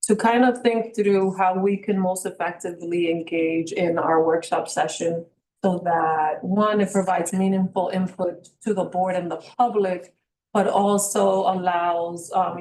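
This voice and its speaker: A woman's voice: lowish voice, fairly even intonation, a little slow, darkish tone, echoey room, slight background noise, poor audio. A woman school superintendent presents to a board meeting, explaining plans with frequent ums and uhs.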